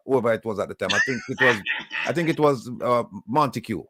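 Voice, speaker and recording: A man's voice: medium pitch, expressive, quick pace, a bit bright, no echo, studio quality. A man hosting a political commentary show, explaining events step by step, reading out news quotes and adding sarcastic asides. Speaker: host.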